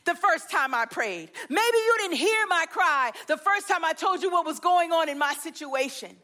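A woman's voice: extremely high pitch, lively intonation, normal speed, sharp tone, heavily acted. A woman doing a pleading, weary prophet. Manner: pleading, complaining.

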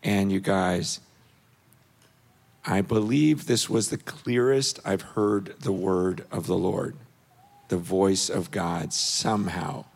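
A middle-aged man giving an earnest, animated personal story as a guest on a panel. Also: slow, gravelly, slightly rough. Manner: earnest, animated storytelling, rising in pitch when intense.

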